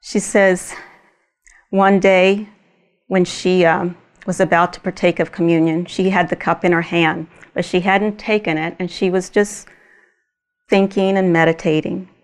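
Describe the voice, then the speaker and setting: A woman retelling a faith testimony in slow, deliberate storytelling, with small laughs. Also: fairly low pitch, level tone.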